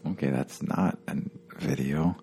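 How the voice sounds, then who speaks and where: A man with a very low voice hosts a solo podcast in a casual, rambling way. He sounds worn out and keeps swearing through his weary complaints. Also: measured pace, warm tone, a little hiss or hum. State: tired. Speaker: podcast host.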